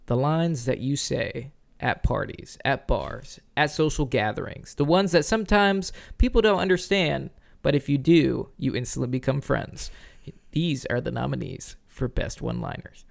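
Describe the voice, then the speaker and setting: A man's voice: mid-range voice, moderate pace, gravelly. A man co-hosting a casual podcast, joking and teasing his partner in a playful, dry way. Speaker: co-host.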